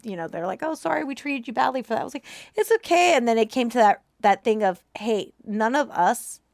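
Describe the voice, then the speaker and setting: A woman co-hosting a movie reaction, telling a personal story in casual chat, animated and emotional, acting out the voices of people she quotes. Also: on the high side, fairly quick, vocal fry, dry recording, clean studio sound.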